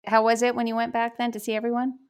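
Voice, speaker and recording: A woman's voice: a little high, monotone, fast talker, smooth. A woman hosting a podcast as a physician, explaining in an earnest, informative way.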